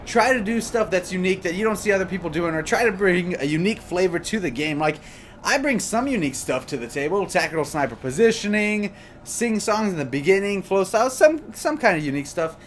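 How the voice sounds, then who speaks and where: A young man rambles casually through viewer questions as he comments on gameplay, filling his talk with ums and likes. His voice sits a touch on the high side, and a faint hiss runs under the desktop mic. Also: animated, fairly quick. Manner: rambling and chatty, with many fillers. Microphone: desktop USB microphone.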